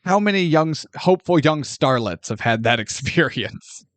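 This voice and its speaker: A man hosting a casual film review podcast, sarcastic and animated, swearing freely as he retells a plot. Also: fairly high pitch, moderate pace, no echo.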